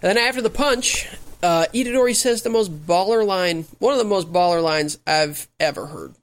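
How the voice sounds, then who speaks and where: A man on a casual podcast recapping an anime episode, with "uh" fillers and quick reactions. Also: high voice.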